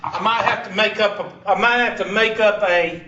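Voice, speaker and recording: Heard from a distance in an echoey classroom, a Southern American man teaches math with folksy teasing and jokes, saying "y'all" a lot. His voice sits high with fairly even intonation and a moderate pace, and the dull lo-fi recording has background noise.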